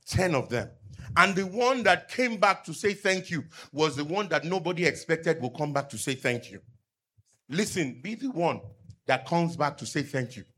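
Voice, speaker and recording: A middle-aged male pastor, preaching a sermon with emphatic call-and-response and loud peaks. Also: a little high.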